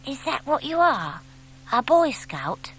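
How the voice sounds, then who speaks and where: A woman doing a tiny eager baby owl from a storybook, high and wide-eyed, slow pleading questions, breathy when excited. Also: full character voice, low-quality recording. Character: small eager baby barn owl boy.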